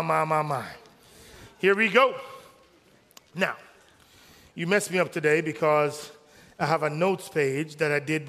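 A male pastor preaching a sermon, rising to shouts on key phrases in call-and-response style, in a church sanctuary. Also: fairly high pitch, long reverb tail.

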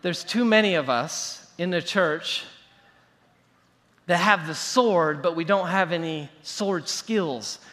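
A man preaching in a high, bright voice that carries through a church hall with a long echo. He is animated and sometimes pokes fun at overdone prayer habits. The sound is roomy, heard from the congregation's side. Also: takes it slowly. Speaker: pastor. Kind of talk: sermon. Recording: reverberant hall.

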